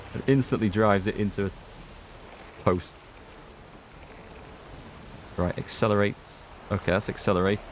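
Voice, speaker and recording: A man's voice: fairly low pitch, slow, long pauses, slight background noise. A man with a North Yorkshire accent, chatting casually and rambling while he plays a game and talks to his viewers. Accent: North Yorkshire English. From North Yorkshire, England. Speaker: let's play gamer. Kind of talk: casual gameplay commentary.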